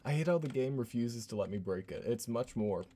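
A man's voice: mid-range voice, animated, fairly quick, dark tone, a little hiss or hum. A man streaming a game, giving casual, joking commentary and laughing often.

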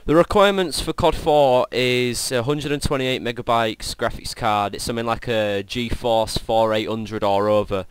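A man's voice: medium pitch, normal speed, hardly any pauses, clear, resonant tone. A teenage English boy chatting and swearing casually with a friend while playing a game. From England. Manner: swearing, laughing banter. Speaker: gamer. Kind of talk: casual gaming chat.

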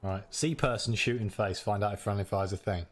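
A man's voice: fairly low pitch, fairly even intonation, fairly quick, slight background noise. A man hosting a casual gameplay chat, full of joking, self-mocking banter. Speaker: gaming channel host.

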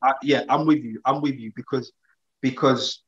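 A man's voice: mid-range voice, fairly even intonation, normal speed, echoey room. Easygoing man, dull lo-fi sound. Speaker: co-host of a live discussion stream. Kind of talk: casual chat.

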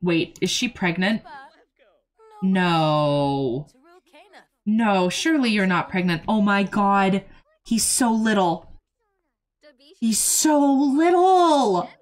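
A young woman streams a game in a loose, excitable running commentary, cursing freely as she talks to her chat and to the characters on screen. Her voice sits at an ordinary middle pitch. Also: slow, pauses often. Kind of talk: casual gameplay commentary.

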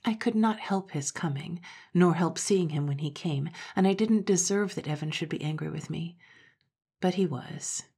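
Husky low-voiced woman telling a story. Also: normal speed, mellow. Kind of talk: scripted storytelling narration.

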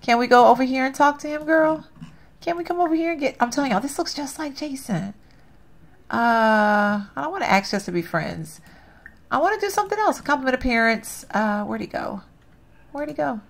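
A woman's voice: high voice, animated, normal speed, vocal fry. A woman hosting a let's play, chatting to her viewers as she plays and laughing at herself. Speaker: gaming channel host.

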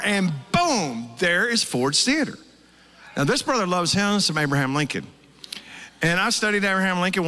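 A middle-aged pastor with a drawl delivers his sermon in a bright, forceful tenor, slightly high for a man. He tells his stories with lively animation and bursts into acted-out quotes. His voice rings through a big church hall with a long reverb tail. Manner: animated storytelling, acts out quotes.

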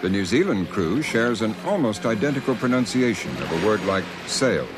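A man narrating a documentary in a measured, expressive scripted delivery. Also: lowish voice, loud music behind the voice.

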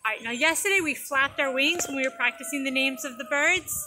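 A woman teaching young children in a video lesson, talking in a gentle, sing-song way that is exaggerated for little ones. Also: sits high, brisk. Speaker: preschool teacher. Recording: noisy background.

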